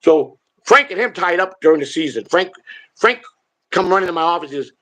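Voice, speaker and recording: Sitting high in pitch, this man's voice is expressive, bright, and forceful, and he talks a little fast. He hosts a live stream as a streamer and show host, telling rambling stories bluntly and with plenty of profanity.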